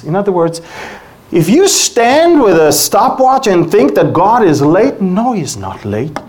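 A preacher giving a lively sermon to a church audience, acting out scenes and dropping from loud exclamations to hushed asides. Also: mid-range voice, measured pace. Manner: animated, acts out dialogue with exaggerated voices.

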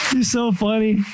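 A middle-aged male pastor giving a sermon testimony, telling his story with animated storytelling and acting out his own prayers and surprise. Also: very high voice.

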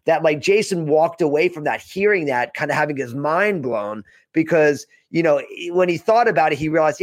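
A man's voice: a little high, lively intonation, moderate pace, hardly any pauses, dry recording. A man hosting a faith conversation, earnest, often repeating words as he thinks. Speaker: podcast host.

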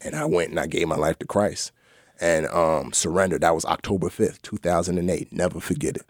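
Low-voiced man telling his testimony. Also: steady tone, fairly quick, no room sound, studio quality. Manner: earnest storytelling, voice drops low and soft at emotional moments. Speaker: guest. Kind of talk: personal testimony in a podcast interview.

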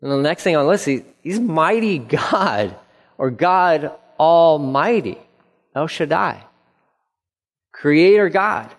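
A man's voice: a little high, animated, slow. A middle-aged man preaching a sermon as pastor, earnest, repeating phrases for emphasis. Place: church sanctuary. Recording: long reverb of a church hall.

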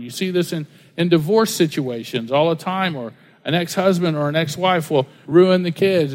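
A man preaching a sermon, conversational and full of rhetorical questions and everyday stories. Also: a little high. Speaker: pastor. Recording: long hall reverb.

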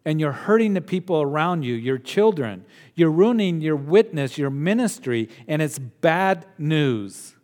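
A man preaching a sermon as pastor, earnest, dropping to hushed tones and then rising to emphatic points. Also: fairly high pitch, expressive, a little slow, hardly any pauses, in a large hall.

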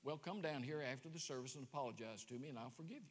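A man's voice: mid-range voice, racing, long reverb tail, a little hiss or hum, voice pushed down, lightly acted. A preacher putting on a huffy scolding church lady. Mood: indignant. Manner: huffy, scolding, self-righteous.

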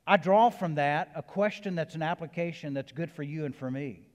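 A Southern-accented man preaching, his voice sitting a little high for a man. He swings between quiet, chatty asides and loud, emphatic peaks. The sound trails off into the long reverb of a church hall. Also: normal speed. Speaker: pastor. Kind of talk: sermon. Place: church sanctuary.

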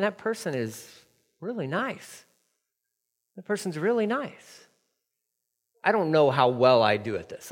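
A man's voice: mid-range voice, big-room sound. A man, preaching a sermon in a candid, conversational way full of stories and asides. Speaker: pastor.

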